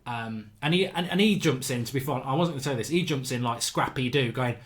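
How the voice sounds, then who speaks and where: A man's voice: mid-range voice, fairly quick. A man, hosting a casual livestream chat and telling rambling anecdotes full of restarts. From England. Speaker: show host.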